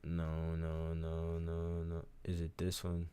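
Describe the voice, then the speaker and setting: A man streaming casual, animated, profane commentary, reading lyrics aloud between remarks. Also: deep voice, takes it slowly, clear, resonant tone.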